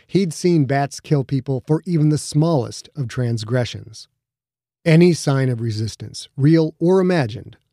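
Gravelly, mellow male audiobook narrator. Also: mid-range voice, no echo, studio quality. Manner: steady, measured storytelling. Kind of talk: scripted narration.

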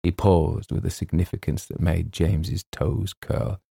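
Deep gravelly guy reading a funny story, measured and wry. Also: fairly even intonation, mellow, dry recording, studio quality. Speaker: audiobook narrator. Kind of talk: scripted narration.

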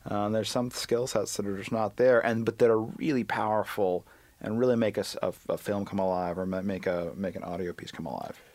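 A man being interviewed as a guest reporter, talking in an animated way that stops and restarts often. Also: lowish voice, dry recording. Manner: animated, halting, many restarts. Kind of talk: conversational interview.

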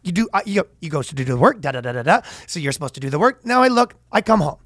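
A man's voice: very animated, racing, a bit bright, no echo, studio quality, heavily acted. A man doing an impression of an argumentative male commentator who keeps interrupting, restarting, and leaning on anecdotes. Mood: insistent. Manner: interrupting, stammering restarts, higher pitch.

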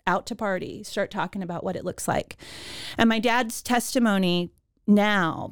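A woman's voice: fairly low pitch, dry recording, clean studio sound. A middle-aged woman from Oregon, an executive director, telling her personal story in an interview, earnest and emotional. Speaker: executive director of a pregnancy center.

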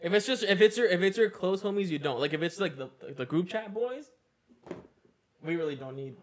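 Joking young man, quick quips. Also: sits high, lively intonation. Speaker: podcast co-host. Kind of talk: casual chat.

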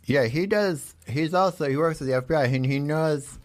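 A man hosting a comedy talk show in a mock-serious, deadpan way, playfully bossing his guest around. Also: fairly high pitch, moderate pace.

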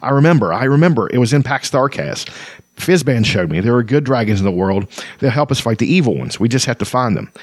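A man reading aloud and voicing a small, excitable kender who talks in eager bursts. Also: medium pitch, brisk, dry recording, clean studio sound, lightly acted. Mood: excited.

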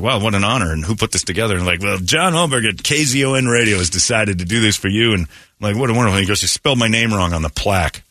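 Middle-aged male morning radio host, low and forceful, dry studio sound, rambling storyteller. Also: dry recording. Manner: rambling storyteller, swings into loud excited mock voices. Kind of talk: casual morning radio talk. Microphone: studio microphone.

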